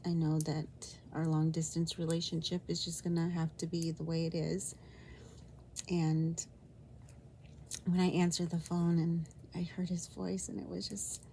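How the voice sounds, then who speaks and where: A woman vlogging about her own love life, talking in a halting, rambling way with many restarts and an emotional, sometimes near-whispered delivery. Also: fairly low pitch, fairly even intonation, creaky, mellow, a little hiss or hum. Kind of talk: personal storytelling vlog.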